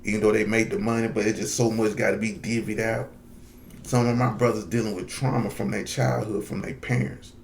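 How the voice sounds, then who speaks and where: Low-voiced guy doing heartfelt vlog talk, real earnest, says stuff twice to drive it home. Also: creaky, a little hiss or hum. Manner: earnest, heartfelt, repeats lines for emphasis. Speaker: vlogger. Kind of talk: direct-to-camera commentary.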